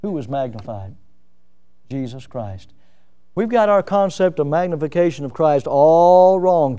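A man's voice: a little high, warm tone. A middle-aged man preaching a sermon as pastor, with rising emphatic outbursts and self-deprecating humor.

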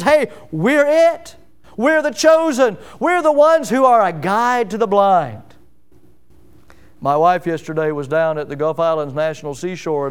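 A middle-aged pastor preaching a sermon, emphatic, with rhetorical questions and sudden drops to a hush. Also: male voice, sits high, clean tone.

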